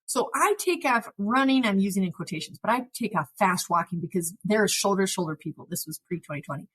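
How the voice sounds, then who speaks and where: Woman podcast host, husky voice, animated storyteller, casual chat. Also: medium pitch, quick pace, rough recording. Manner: animated storyteller, acts out quoted lines.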